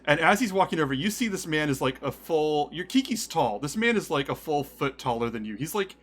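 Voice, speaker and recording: A man's voice: on the high side, big pitch swings, fairly quick, fairly bright tone. Casual man narrating as game master. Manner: casual, filler-heavy storytelling.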